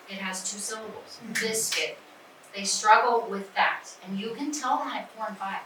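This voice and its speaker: A woman's voice: mid-range voice, normal speed. Earnest woman teacher in echoey room. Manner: earnest, emphatic, repeats key words. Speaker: teacher trainer. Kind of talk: workshop talk with questions. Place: conference room. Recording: echoey room from far off, noisy.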